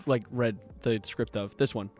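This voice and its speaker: A man streaming live in casual chat, animated and profane, quick to laugh. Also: medium pitch. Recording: faint music underneath.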